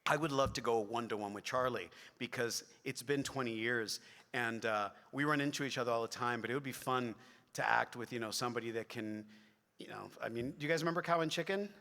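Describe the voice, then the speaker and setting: A middle-aged man, a voice actor on a convention panel, telling rambling, excitable stories to the audience with many restarts and asides. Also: medium pitch, brisk. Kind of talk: animated storytelling on a convention stage. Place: large convention hall. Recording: echoey hall with long reverb.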